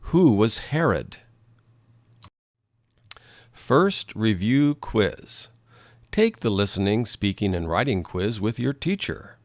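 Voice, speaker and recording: A man reading English lesson questions aloud slowly and clearly for learners. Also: lowish voice, sing-song, no echo, studio quality.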